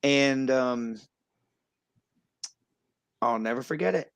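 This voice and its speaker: A man in his thirties, a guest telling his story in casual chat, animated with lots of fillers. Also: mid-range voice, slow pace, clean tone, dry recording. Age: 30s.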